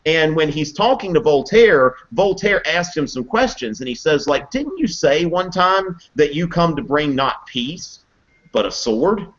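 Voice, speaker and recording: A man teaching history in a casual live video Q&A, chatty and animated, acting out quotes in playful voices. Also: fairly high pitch, unhurried, muffled recording. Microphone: webcam mic on a video call.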